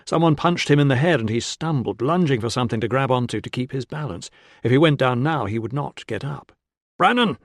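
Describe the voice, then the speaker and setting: A man reading an audiobook in a measured, steady scripted narration. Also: medium pitch, dry recording, clean studio sound.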